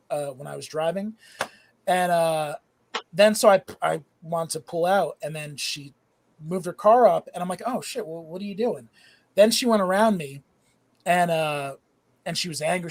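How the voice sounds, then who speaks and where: Rambling high-voiced man, visibly high. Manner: rambling, swearing storyteller. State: high, drifting in and out. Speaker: panelist. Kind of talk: casual live panel chat.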